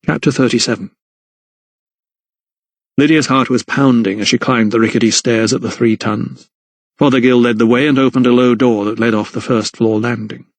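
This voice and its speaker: A male narrator reading a historical mystery audiobook in a measured, even voice of middle pitch. The sound is dry and close to the mic, with no room around it. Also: no room sound. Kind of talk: scripted narration.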